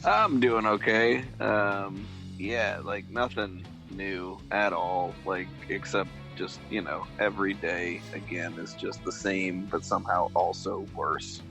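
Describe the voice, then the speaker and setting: A man's voice: deep voice, steady tone, slow, gravelly, few pauses, bright, forceful tone, soft background music. A man co-hosting a podcast from his porch, weary and dry, with self-deprecating humor. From Edwardsville, Illinois. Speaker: podcast co-host. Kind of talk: casual podcast chat.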